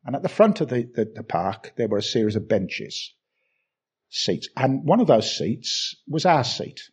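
A man's voice: mid-range voice, sing-song, measured pace, darkish tone, breathy edge. An older man from England with a Birmingham accent, preaching a sermon with emphatic repetition and self-deprecating asides.

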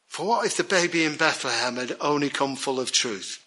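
A man's voice: a little high, animated, moderate pace, hardly any pauses, sharp tone. A man preaching a sermon, earnest and emphatic, repeating key words for weight.

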